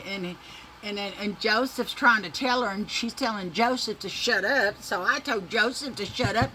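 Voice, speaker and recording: A woman with a bright, sharp voice spins a rowdy family tale for her viewers, calling them y'all and laughing through it. Her talk is loose and folksy, peppered with cursing, over a faint background hiss. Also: fairly high pitch, moderate pace, poor audio. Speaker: vlogger telling a family story. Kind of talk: casual storytelling to viewers.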